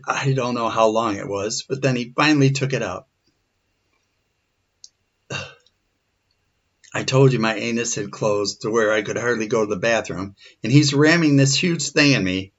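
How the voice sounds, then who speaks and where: A man's voice: medium pitch, normal speed, pauses often. A man in his forties, shaken and earnest, telling a personal story. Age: 40s. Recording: dull lo-fi recording.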